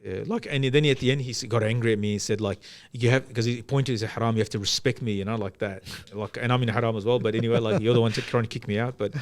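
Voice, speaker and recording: A man's voice: mid-range voice, steady tone, quick pace, hardly any pauses. A man co-hosting a podcast, chatting casually and hesitantly with lots of fillers and restarts. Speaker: podcast co-host. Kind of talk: casual chat.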